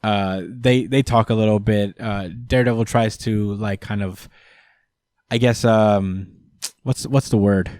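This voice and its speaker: A man's voice: fairly low pitch, steady tone, a little slow, darkish tone, no room sound, clean studio sound. A man co-hosting a podcast, casually recapping a comic with fillers and jokey quoted voices. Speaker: podcast co-host.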